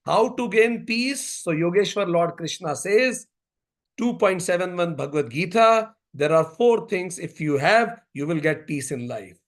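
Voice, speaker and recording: Slow, high-voiced man giving a spiritual talk. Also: expressive. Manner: deliberate, storytelling, repeats key phrases. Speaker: yoga speaker.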